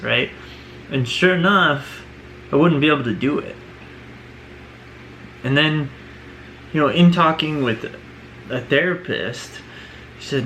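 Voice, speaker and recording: A man's voice: mid-range voice, measured pace, pauses often, sharp tone, a little hiss or hum, poor audio. A man talking earnestly in a personal vlog, leaning on "you know" and "right?" as he reflects. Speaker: vlogger.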